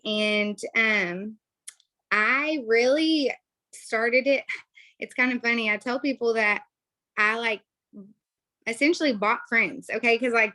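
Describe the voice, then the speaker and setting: Bright, bubbly young woman. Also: on the high side. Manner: bubbly, chatty. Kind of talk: casual group call.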